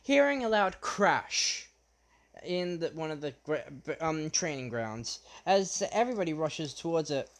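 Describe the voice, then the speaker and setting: A young man retelling his fan story off the cuff, halting often with fillers and restarts. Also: a little high, sing-song.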